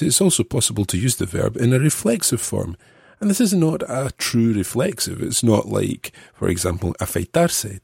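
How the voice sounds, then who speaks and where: A man's voice: low voice, gravelly, a little mellow, slightly rough, no room sound, studio quality. A man hosting a language podcast, patiently explaining grammar while stuffed up with a cold.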